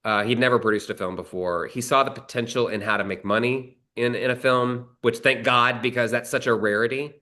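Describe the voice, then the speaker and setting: A man's voice: mid-range voice, steady tone, a little fast, hardly any pauses, bright, forceful tone. A male screenwriter telling a long anecdote in a casual, rambling way, with frequent restarts and some swearing. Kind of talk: conversational storytelling.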